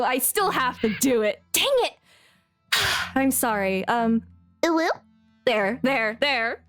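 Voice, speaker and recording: A woman's voice: sits high, a bit bright, no echo, clean studio sound. A young woman streamer and voice actress chatting casually while playing a game, giggly and flustered, rambling. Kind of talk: casual live gameplay chat.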